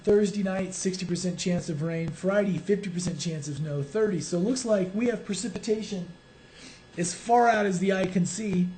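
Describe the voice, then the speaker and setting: A man co-hosting a casual local news show with a hoarse, froggy voice, reading the weather in halting runs of numbers. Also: sits high, darkish tone, a little hiss or hum, low-quality recording. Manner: halting, reads forecast numbers in quick runs.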